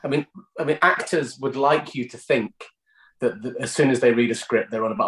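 A British man talks through his acting process in an easy, conversational way. He circles his points with false starts and doubled words as he thinks. The sound is roomy, with a clear echo. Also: mid-range voice, normal speed. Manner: thoughtful, stumbling restarts and repeated words. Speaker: actor guest. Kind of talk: conversational interview answers.

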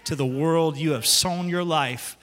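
A man preaching a sermon as pastor, telling stories with lively acted-out quotes. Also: fairly high pitch, a little slow. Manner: lively storytelling, acts out quotes. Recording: long hall reverb.

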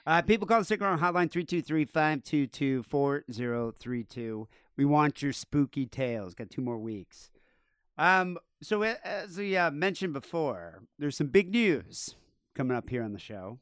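A man's voice: fairly high pitch, animated, normal speed, fairly bright tone, smooth, dry recording, studio quality. Crude, joking male podcast host. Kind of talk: casual chat.

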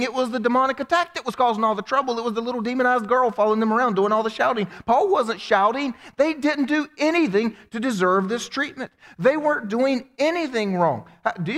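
A high-pitched man preaches, lively and joking as he acts out people's prayers. His voice rings through a church sanctuary with a long reverb tail. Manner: animated, humorous, acts out quoted prayers. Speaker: pastor. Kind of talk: sermon.

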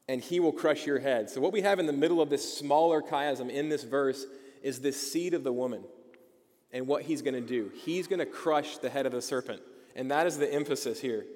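A man preaching a sermon as pastor, emphatic and asking his listeners rhetorical questions, with frequent checks of "okay?". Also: a little high. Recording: long hall reverb.

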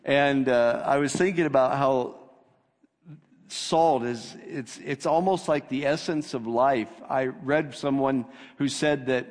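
A man's voice: mid-range voice, takes it slowly. A man preaching a sermon as pastor, reading scripture with rising emphasis. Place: church sanctuary. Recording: long reverb of a church hall.

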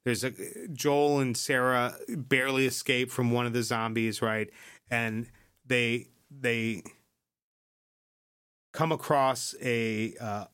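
A man's voice: medium pitch, fairly even intonation, slow, a bit bright, clean tone, dry recording, studio quality. A man hosting a podcast, retelling a story in a loose, chatty way, cursing freely, asking "right?" often and skipping ahead with "yada, yada". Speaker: podcast host. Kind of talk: casual chat, episode recap.

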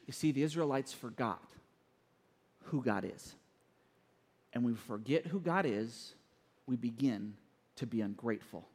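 A man preaching a sermon as pastor, joking and storytelling with lively energy. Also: high voice, a little slow. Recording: long church hall reverb.

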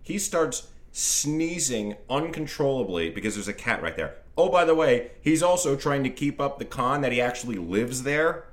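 A man co-hosting a casual chat, retelling a film scene in a relaxed, emphatic way. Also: mid-range voice, normal speed, hardly any pauses. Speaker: podcast co-host.

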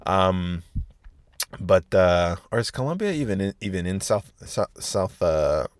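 A young man rambles through his solo podcast with a low voice, swearing freely and switching topics on a whim. His delivery is loose, slangy and animated, and the recording sounds close and dry. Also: unhurried, dry recording. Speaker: podcast host.

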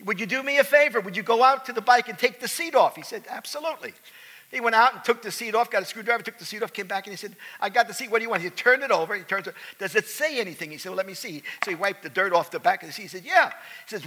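A man preaching a sermon, telling a story and building to loud, fervent preaching. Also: high-pitched, fast talker.

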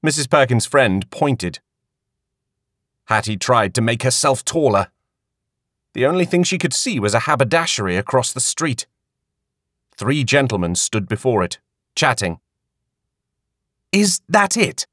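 A man narrating an audiobook in an expressive storytelling manner. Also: mid-range voice, moderate pace, pauses often, no echo, clean studio sound. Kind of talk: scripted narration.

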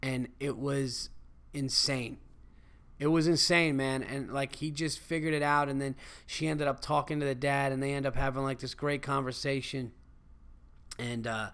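A man hosting his podcast, a stand-up comedian talking in a casual, animated and profane monologue that rambles. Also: mid-range voice, normal speed.

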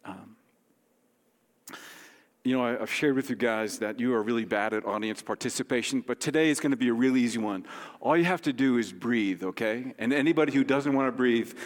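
A man, a pastor, giving a sermon in a gentle, conversational way with light humor. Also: medium pitch. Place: church sanctuary. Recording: long hall reverb.

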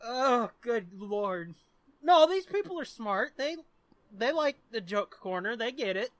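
A man's voice: very high-pitched, very animated, normal speed, dry recording. A man co-hosting a podcast in casual chat, swearing freely, laughing often and telling jokes. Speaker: podcast co-host.

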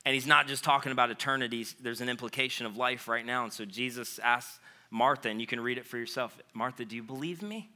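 Intense, bright-voiced male preacher. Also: medium pitch, little pitch movement. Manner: impassioned, conversational preaching with quick asides. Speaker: pastor. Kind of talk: sermon.

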